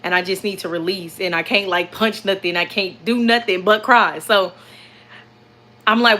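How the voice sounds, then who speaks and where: A young woman vlogger chatting casually to viewers, animated and repeating herself as she tells a story. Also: medium pitch, moderate pace.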